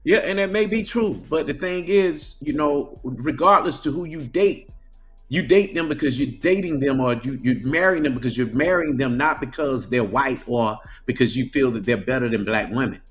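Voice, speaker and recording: A man's voice: medium pitch, normal speed, fairly bright tone, soft background music. A man talking casually on a live stream, often stammering and restarting his sentences.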